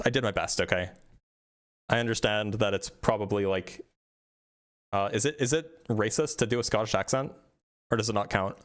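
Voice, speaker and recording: A man runs a live debate stream in a quick, relaxed way, repeatedly restarting what he says with self-deprecating humor. He has a lowish voice.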